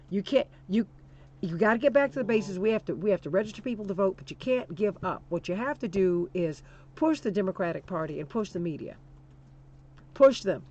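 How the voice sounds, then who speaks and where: A woman's voice: medium pitch, a little mellow, muffled recording. A woman hosting a political talk show, speaking with emphatic, preacher-like repetition and calling listeners "honey". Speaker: radio talk show host.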